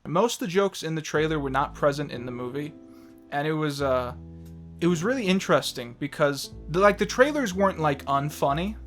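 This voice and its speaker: A man's voice: a little high, lively intonation, a little fast, fairly bright tone, faint music behind. A young man chatting casually as a movie review co-host, rambling with lots of fillers and restarts and laughing often.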